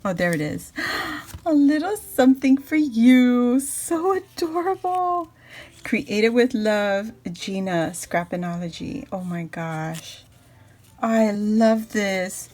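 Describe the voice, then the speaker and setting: A woman's voice: a little high, lively intonation, slow pace, darkish tone. A woman vlogger opening and gushing over handmade birthday crafts for her viewers, talking casually and laughing often. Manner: gushing, squealing with delight, lots of laughter. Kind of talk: casual unboxing chat to viewers. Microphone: phone camera.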